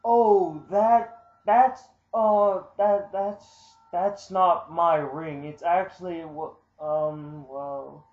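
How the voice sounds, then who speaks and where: A man's voice: sits high, fairly even intonation. Rich: A flustered husband stumbling over his words , as a man plays him, with fillers and restarts as he makes up a lie on the spot. The room echoes and the sound is dull and lo-fi. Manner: stammering, halting, full of fillers. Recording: roomy, muffled lo-fi recording.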